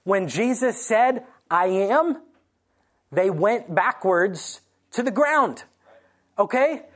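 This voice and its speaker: A preacher delivering a morning sermon, telling scripture stories with lively acted-out quotes and slowing down to stress key points. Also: medium pitch. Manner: animated storytelling, acting out quoted lines. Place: church morning service.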